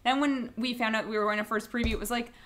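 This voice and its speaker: A woman's voice: fairly high pitch, fairly even intonation, fast, a bit bright, slight background noise. Chatty enthusiastic woman podcast host. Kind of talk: casual chat.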